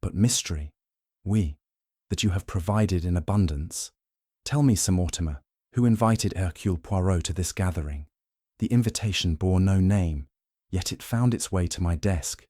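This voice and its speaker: A man voicing a shrewd older male detective who asks measured, pointed questions in an audiobook. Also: low voice, warm tone, no room sound, clean studio sound. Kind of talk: audiobook narration.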